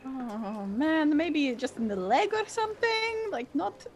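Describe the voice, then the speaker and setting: High, lively, giggly woman player. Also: slight background noise. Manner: playful and giggly, quick to tease. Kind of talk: tabletop game banter.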